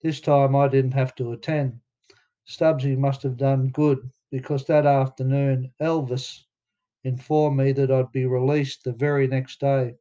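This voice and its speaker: A man's voice: medium pitch, flat delivery, unhurried, warm tone, lo-fi sound. A man with an Australian accent narrating his own story in a plainspoken, casual way with some swearing. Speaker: memoir narrator. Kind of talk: audiobook narration.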